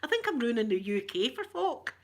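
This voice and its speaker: A woman's voice: on the high side, sing-song, a little fast. A middle-aged woman with a Glaswegian Scottish accent, chatting casually with her live stream viewers, greeting them by name and laughing often. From Scotland.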